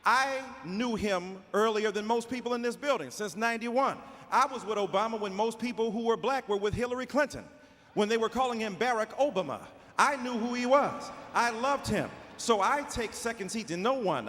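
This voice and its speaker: A man from Detroit giving an impassioned speech as a panelist, with a preacher-like cadence, repeating phrases and shouting. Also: extremely high pitch, moderate pace, a faint crowd. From Detroit, Michigan. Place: large auditorium before live audience. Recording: echoey hall with faint noise.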